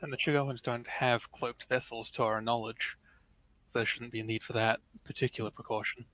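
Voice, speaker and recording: A man's voice: mid-range voice, steady tone, moderate pace, fairly bright tone, rough recording. A man playing an online tabletop game, chatty and laughing often as he talks through his character's options. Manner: chatty, laughs often, plays a commanding officer. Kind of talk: casual game chat.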